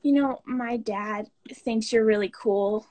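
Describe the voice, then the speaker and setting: High-pitched giddy teenage girl. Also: slow, warm tone. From United States. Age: teens. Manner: giddy, breathless fan talk. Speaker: fan guest on a live stream. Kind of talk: excited casual chat.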